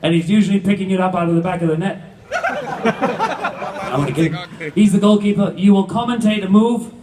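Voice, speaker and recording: A man's voice: high voice, fairly even intonation, fast. Fifty-something male emcee, brash and teasing, recorded from across an echoey banquet hall. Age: 50s. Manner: teasing, loud and joking. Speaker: emcee running stage games. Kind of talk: live stage banter with audience. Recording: echoey hall, distant, crowd noise.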